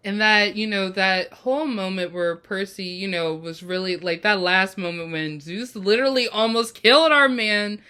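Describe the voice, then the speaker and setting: A woman hosting a casual TV episode review, talking in an animated, expressive way and laughing easily. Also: mid-range voice, normal speed, few pauses, clear, resonant tone. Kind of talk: casual chat.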